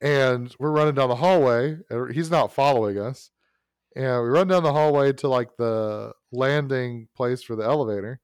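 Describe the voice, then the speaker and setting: Rambling casual storyteller, dry sound. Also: male voice, medium pitch, moderate pace, smooth, dry recording. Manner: rambling, self-correcting anecdote with frequent asides. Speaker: podcast host telling a story.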